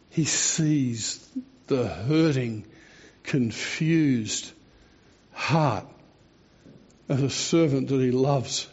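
A man preaching a sermon, telling the story expressively with dramatic slowdowns. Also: mid-range voice, a little mellow. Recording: dull lo-fi recording.

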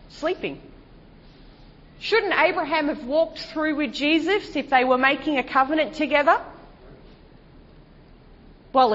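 A woman preaches a sermon in a high voice, pressing her points with rhetorical questions and sinking into hushed, lower passages. The sound is dull and lo-fi, carrying a long reverb from a large hall. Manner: emphatic, rhetorical questions, shifts to hushed low delivery.

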